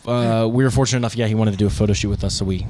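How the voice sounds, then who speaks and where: A man's voice: lowish voice, fairly even intonation, a little mellow, a little hiss or hum. A man co-hosting a podcast, telling stories in casual, rambling chat with lots of fillers. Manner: fast, rambling storytelling with fillers. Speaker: podcast co-host, band guitarist.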